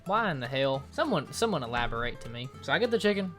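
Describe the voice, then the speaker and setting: A young man telling a storytime vlog about his retail job, animated, exasperated and incredulous. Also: mid-range voice, fast talker. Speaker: store associate telling a work story. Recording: clear music behind the voice.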